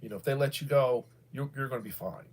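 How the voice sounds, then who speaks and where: A man's voice: medium pitch, quick pace, darkish tone. A middle-aged American man hosting a livestream, talking in a meandering, casual way with many fillers and restarts. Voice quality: bald. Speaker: livestream host. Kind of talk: casual rambling commentary.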